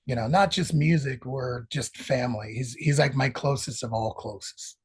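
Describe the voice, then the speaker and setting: Husky, profane middle-aged man. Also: medium pitch, normal speed. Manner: profane, rambling, animated storytelling. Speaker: guest musician. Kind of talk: casual storytelling interview.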